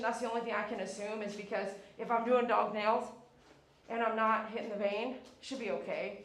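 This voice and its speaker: A woman's voice: fairly high pitch, steady tone, moderate pace. Chatty woman groomer in an echoey room. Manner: chatty and instructive, softens into cooing baby talk to the dog. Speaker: dog groomer. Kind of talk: grooming tutorial, talking to viewers and the dog. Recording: echoey room, faint background noise.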